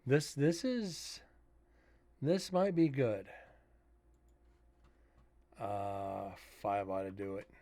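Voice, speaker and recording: A man's voice: lowish voice, very slow, long pauses, dark tone, no echo. A man casually commenting on a live stream as he edits and reviews audio clips, thinking aloud and chatting with viewers.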